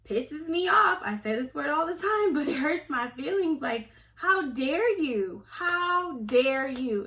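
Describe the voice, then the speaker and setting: A young woman vlogging in a loose, conversational way, her voice sitting on the higher side. She talks with feeling and pushes into heated indignation when something strikes her as wrong. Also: fairly bright tone, poor audio. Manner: conversational and passionate, rising to indignant outbursts. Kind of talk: casual opinion vlog.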